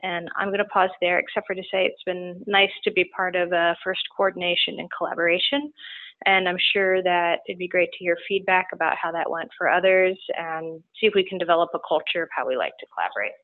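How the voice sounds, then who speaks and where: A woman giving measured remarks in an online meeting over a video call. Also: lowish voice, steady tone, no echo. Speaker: meeting participant. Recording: tinny phone-like call audio.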